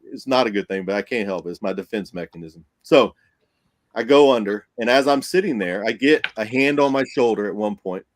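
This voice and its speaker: Animated man telling a spooky story. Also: on the low side, a little fast. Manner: animated, acts out quotes, laughs often. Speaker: paranormal investigator guest. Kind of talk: casual storytelling on a podcast.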